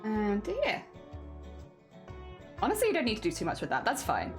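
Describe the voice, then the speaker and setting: Rigging a vtuber model during a casual live stream, a chatty woman talks through each step and greets viewers at a moderate pace. Her pitch is animated, she's a bit congested and coughing, and faint music runs behind.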